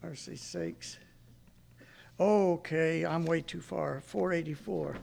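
A man's voice: on the high side, slow pace, vocal fry, a little mellow. A man preaching fervently, reading aloud from a book and stopping to comment, with exclamations of praise.

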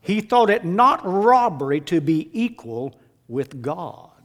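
Male preacher, sermon, dramatic, slow delivery, lively pitch, hushed to shouting.

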